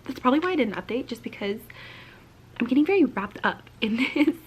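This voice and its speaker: A woman's voice: high voice, expressive, brisk, husky, poor audio. A young woman vlogger chatting casually and gushingly about a book she is reading, sometimes dropping into half-whispered asides. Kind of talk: casual reading-vlog chat.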